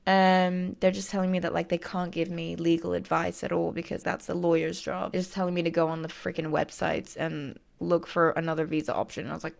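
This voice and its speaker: Young woman vlogger, lisp, chatty filler-heavy storytelling, low-pitched, gravelly fry. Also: steady tone, fairly quick, hardly any pauses. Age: 20s. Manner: chatty, frequent "like" fillers, self-deprecating. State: missing a tooth. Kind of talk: casual storytelling vlog.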